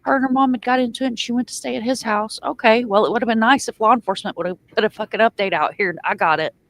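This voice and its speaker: A woman's voice: on the high side, fast talker, a bit bright, dry recording. Female host, heated and foul-mouthed, casual group talk. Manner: angry, profane ranting.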